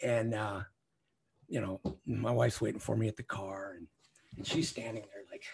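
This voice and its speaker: An older man, a retired cop and umpire, co-hosting a podcast and telling profane, animated stories in casual chat. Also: lowish voice, moderate pace. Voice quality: gravelly. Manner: profane, animated storyteller acting out quotes.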